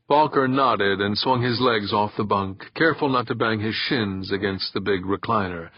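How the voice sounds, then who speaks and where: A man narrating an audiobook in an expressive way. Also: fairly low pitch, normal speed, few pauses, slightly rough, no echo, lo-fi sound. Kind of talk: scripted narration.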